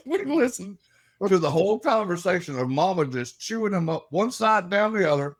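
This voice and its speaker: A middle-aged man, a guest telling animated stories and laughing as he acts out the voices in them. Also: high-pitched, moderate pace. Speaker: guest, paranormal investigator. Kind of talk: animated storytelling.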